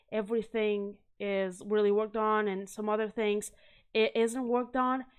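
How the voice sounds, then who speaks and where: A woman's voice: mid-range voice, smooth. A woman hosting a casual video review of comic art, chatty and enthusiastic, often stopping to correct herself and laugh nervously. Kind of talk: casual chat.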